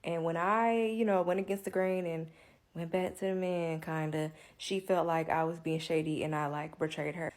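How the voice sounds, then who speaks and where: A woman telling a long personal story in a casual, candid monologue, profane and rambling, filling nearly every pause with "like.". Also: lowish voice, darkish tone. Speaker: storyteller vlogger.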